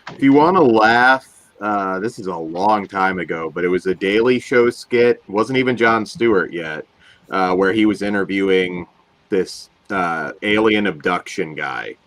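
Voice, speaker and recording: A man telling a relaxed story in a casual group chat, with many pauses and uhs. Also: deep voice, dry recording.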